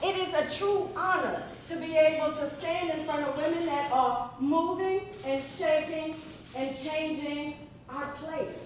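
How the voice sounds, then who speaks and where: Woman, high voice, middle-aged, motivational keynote, earnest storytelling, echoey hall from far off. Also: slight background noise. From Louisiana. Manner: earnest storytelling with measured pauses. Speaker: keynote speaker. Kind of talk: motivational speech.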